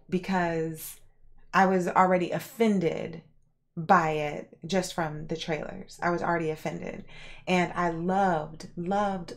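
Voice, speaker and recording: Hosting a livestream, a woman with a gravelly voice on the low side chats casually and answers her viewers. Her talk rambles, full of fillers and animated reactions.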